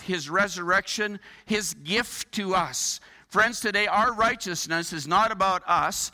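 A man's voice: high-pitched, pushed and bright, big-room sound. A man preaching a sermon as a pastor, earnest, building his points with rhetorical questions.

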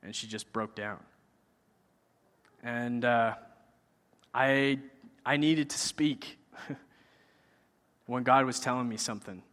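A man's voice: mid-range voice, fairly even intonation, slow pace, pauses often, a bit bright. A man telling a personal faith testimony in a casual, conversational way, acting out his own quoted lines. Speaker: speaker sharing a personal testimony. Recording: long hall reverb.

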